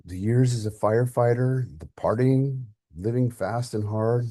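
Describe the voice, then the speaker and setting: A man voicing a dying older father who speaks softly, weary and gentle, at peace. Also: mid-range voice, a little slow, no echo, studio quality, voice pushed up, natural voice.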